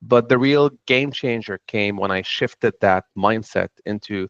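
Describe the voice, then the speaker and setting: A man's voice: fairly low pitch, a little slow, fairly bright tone, no room sound. A middle-aged man from Lebanon with a Lebanese accent, speaking earnestly on a panel about his own path. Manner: earnest, reflective storytelling. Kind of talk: panel talk. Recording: dull dry sound.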